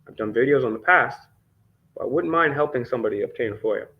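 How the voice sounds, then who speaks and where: A man's voice: medium pitch, fast. A man vlogging as an independent news host, reading documents aloud with sarcastic, indignant commentary and frequent swearing. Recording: dull lo-fi recording.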